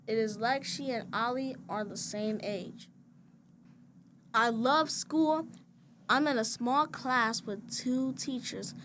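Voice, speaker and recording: Woman, children's book read-aloud, gentle and even, slightly high voice, noisy recording. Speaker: storybook reader. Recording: noisy background hiss.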